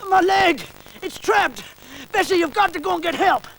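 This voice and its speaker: A frantic, shrieking trapped man begging his dog for help in a children's TV sketch. The voice is squeaky and extremely high, with a gravelly rasp and a sharp, piercing edge. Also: animated, normal speed, slight background noise, full character voice. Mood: exasperated. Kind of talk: children's TV comedy acting.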